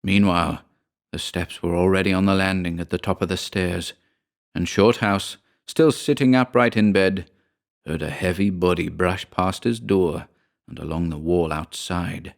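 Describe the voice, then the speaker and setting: Male audiobook narrator, very low voice, measured ghost-story delivery. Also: fairly even intonation, vocal fry.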